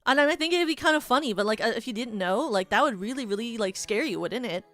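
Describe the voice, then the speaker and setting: A woman's voice: fairly high pitch, animated, fast talker, fairly bright tone, faint music behind. Giggly rambling woman streamer. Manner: giggly, rambling, heavy use of "like". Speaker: VTuber streamer. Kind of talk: casual stream chat, rambling hypotheticals.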